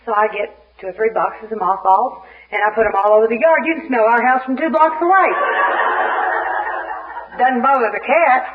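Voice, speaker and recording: Woman speaker, recovery share, animated comic storyteller; dull lo-fi tape. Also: on the high side, normal speed. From Little Rock, Arkansas. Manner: animated, comic storyteller who acts out scenes. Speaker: speaker at a recovery fellowship meeting. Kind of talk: humorous personal storytelling share.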